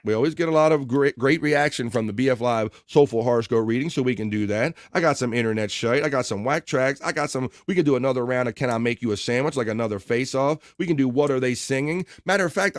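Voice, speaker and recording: A man's voice: mid-range voice, fast talker, hardly any pauses, dry recording, clean studio sound. A middle-aged man hosting a livestream, chatting loosely and reading out viewer comments. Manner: rambling, loose and chatty with fillers. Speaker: livestream host.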